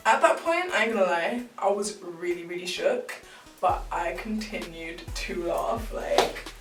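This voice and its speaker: A woman's voice: on the low side, unhurried. Young woman telling a story. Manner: animated, candid, slangy. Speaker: vlogger. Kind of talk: casual storytime narration. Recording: roomy, distant mic, faint background music.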